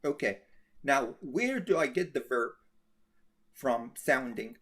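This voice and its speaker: Male teacher, slow, patient, checks understanding often. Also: medium pitch, lively intonation, fairly bright tone, breathy edge. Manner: slow, repetitive, checks with "okay?". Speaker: Arabic grammar teacher. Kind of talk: classroom grammar lesson.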